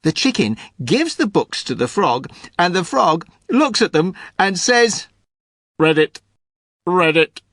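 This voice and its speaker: A man's voice: high-pitched, big pitch swings, measured pace, hardly any pauses, a bit bright, no room sound, clean studio sound. A man, the show's producer, telling jokes on a scripted podcast with playful storytelling voices.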